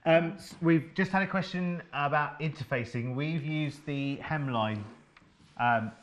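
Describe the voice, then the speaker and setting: A man's voice: on the high side, measured pace. A man hosting a live studio sewing show, chatty and enthusiastic, asking his guest questions.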